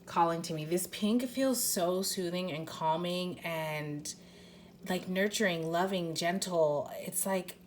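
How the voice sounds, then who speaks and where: A woman's voice: on the low side, slow pace, slight background noise. A woman giving a casual pick-a-card tarot reading, chatty and rambling, with lots of fillers, restarts and casual swearing.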